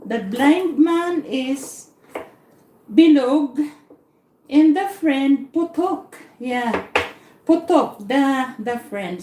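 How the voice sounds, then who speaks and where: A woman hosting a cooking livestream, telling a rambling story from her kitchen and repeating words as she goes. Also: high-pitched. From Philippines. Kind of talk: casual storytelling while cooking. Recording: echoey room, faint noise.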